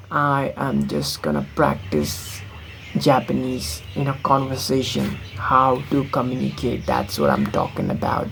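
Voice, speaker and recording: A young Nepali man vlogs casually to camera in English, his American-influenced accent picked up from films, rambling bluntly and using lots of fillers. His mid-range voice is gravelly and fairly bright, on a rough recording with a little hiss or hum.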